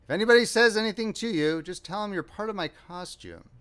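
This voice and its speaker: A man's voice: high-pitched, brisk, fairly bright tone, smooth, pitched above the performer's own voice. A man voicing an eager young man who coaxes and bosses people around in an audiobook story. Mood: bossy. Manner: insistent, coaxing and bossy.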